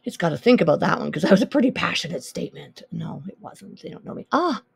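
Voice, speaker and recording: A woman teacher chatting loosely on a podcast, her voice heavy with gravelly fry and a husky edge. She thinks out loud, full of ums and little asides, and is quick to find things funny. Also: on the low side, sing-song, no echo. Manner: chatty, easily amused, thinks aloud with many ums. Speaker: music teacher. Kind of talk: casual podcast demo of teaching tools.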